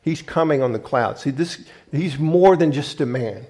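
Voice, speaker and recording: A man's voice: a little high, moderate pace, a little mellow. A man preaching a sermon, emphatic and often restarting to rephrase his point as he urges listeners to look and listen. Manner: restarts and rephrases mid-thought. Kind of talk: sermon teaching from scripture.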